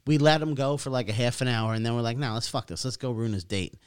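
Chill guy cohosting a stream, reads out donos, smooth voice, dry mic. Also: mid-range voice, fast, no room sound. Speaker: podcast co-host reading donations. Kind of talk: casual chat.

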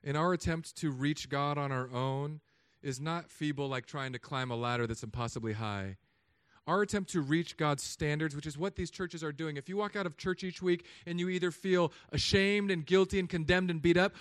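A man, a pastor, preaching a sermon in a relaxed storytelling way, acting out voices now and then. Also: on the high side, moderate pace, clear, resonant tone, no echo, clean studio sound. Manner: conversational storytelling with put-on voices. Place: church hall.

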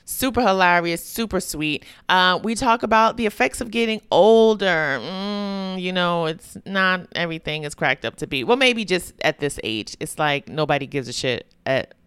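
Playful woman podcast host, lowish voice. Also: animated, normal speed, few pauses, a bit bright, clear, resonant tone, dry recording, studio quality. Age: 30s. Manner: joking, playful, upbeat. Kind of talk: casual podcast chat. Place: home kitchen.

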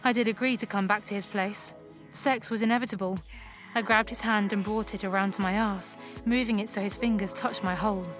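A woman narrating an erotic audio story in a soft, unhurried first-person reading. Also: mid-range voice, steady tone. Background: music.

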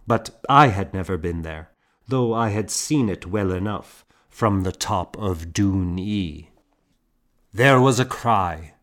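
Slow, low-voiced male storyteller. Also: expressive, a bit bright. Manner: measured storytelling. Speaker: narrator. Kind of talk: scripted narration.

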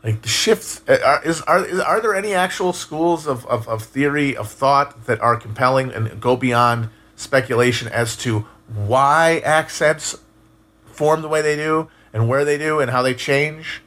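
A man casually talking on a live stream and answering chat, musing out loud, swearing now and then, with frequent restarts. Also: medium pitch, a little slow. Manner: rambling, musing, profane, many restarts.

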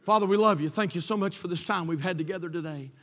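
A male preacher with a very high, bright, forceful voice delivers a fervent sermon, swinging between hushed moments and shouting. His voice rings with a long hall reverb in the church. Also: fast. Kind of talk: sermon with storytelling. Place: church sanctuary.

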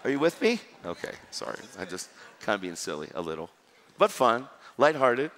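A man preaching a sermon, telling a story in a lively, joking way and acting out the dialogue. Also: mid-range voice, moderate pace, big-room sound, slight background noise. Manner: animated, jokey, acts out dialogue.

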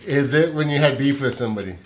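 Male podcast host, mid-pitched, quick joking interjections, noticeable background noise. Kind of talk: casual chat. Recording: noisy podcast recording.

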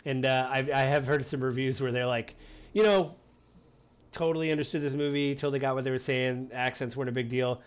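Animated man chatting casually. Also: medium pitch, quick pace, hardly any pauses, clear, resonant tone. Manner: animated, acts out quoted lines in funny voices. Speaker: podcast co-host discussing a film. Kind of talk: casual chat.

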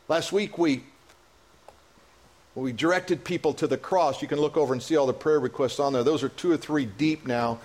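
Pastor in church: a man with a fairly high voice, preaching with rising passion and frequent restarts. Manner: impassioned, rising to high emotional peaks; halting restarts and repetitions. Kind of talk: sermon. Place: church sanctuary.

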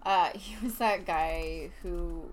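A woman co-hosting a podcast, telling a personal story in casual chat, animated and swearing freely. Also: lowish voice, slow pace, a crowd in the background. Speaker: podcast co-host.

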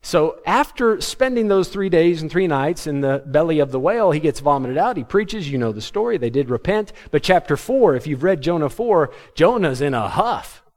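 A man preaching a sermon to his congregation, animated and humorous, acting out the words of biblical figures. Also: on the high side, moderate pace, few pauses. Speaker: pastor.

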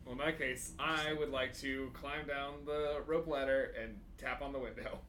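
A man's voice: medium pitch, steady tone, normal speed, sharp tone, slight background noise. Laid-back joking man player. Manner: laid-back, laughing, jokey. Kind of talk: casual tabletop game play.

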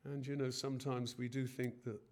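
A man's voice: mid-range voice, flat delivery, a little fast, a little mellow. A man preaching a sermon in an earnest way, often hesitating and rising in force on key phrases.

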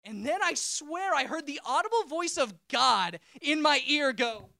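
Lively, expressive male preacher. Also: very high voice, unhurried, creaky, dry recording, clean studio sound. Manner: conversational storytelling, self-interrupting. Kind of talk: personal testimony sermon.

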